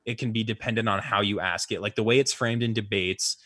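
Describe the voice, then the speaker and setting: A man with a low voice talks through politics in a loose, rambling way, full of fillers and false starts. His voice is recorded close and dry, with no room around it. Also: steady tone, a little fast, pushed and bright, dry recording. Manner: rambling, many fillers and restarts. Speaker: podcast co-host. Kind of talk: casual political chat.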